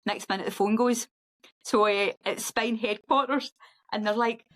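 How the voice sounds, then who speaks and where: A middle-aged woman, a guest on a podcast, telling a story in a lively, animated way and acting out other people's voices. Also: moderate pace, low-quality recording. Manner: lively, acts out quoted voices in a high sing-song. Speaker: guest ultra runner.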